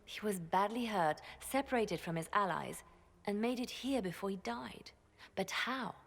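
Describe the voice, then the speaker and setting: An actress voicing a composed female spymaster advisor in video game dialogue, with a measured, grave delivery. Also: medium pitch, animated, creaky.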